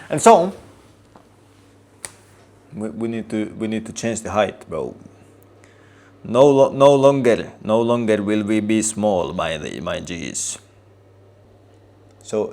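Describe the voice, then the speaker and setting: A man's voice: mid-range voice, a little mellow. A man ranting to camera in a comedic vlog, swearing heavily and delivering everything with mock outrage and ironic, over-the-top seriousness. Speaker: vlogger.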